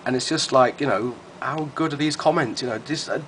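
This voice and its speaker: A man's voice: medium pitch, a little fast, fairly bright tone, slight background noise. A man chatting to camera in a rambling, effusive vlog, repeating himself as he goes. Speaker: vlogger. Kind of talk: casual chat to camera.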